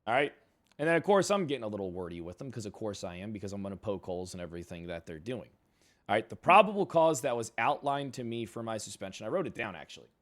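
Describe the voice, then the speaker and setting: Streaming in character as a suspended police chief, a man gives a heated, profane, rambling recap of a meeting as roleplay storytelling. He talks fast in a fairly low voice with big swings in pitch.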